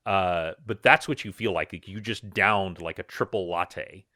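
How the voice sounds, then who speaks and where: A man's voice: deep voice, measured pace, sharp tone, dry recording, studio quality. A man narrating a tabletop game as game master, loose and rambling with many fillers.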